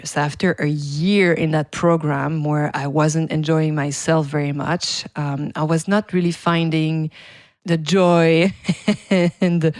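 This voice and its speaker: A woman's voice: deep voice, darkish tone, dry recording, clean studio sound. A middle-aged woman with a French Canadian accent, a native French speaker, hosting a podcast in a chatty, casual way with frequent small laughs. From Quebec, Canada. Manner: chatty, laughs often, self-correcting. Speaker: podcast host.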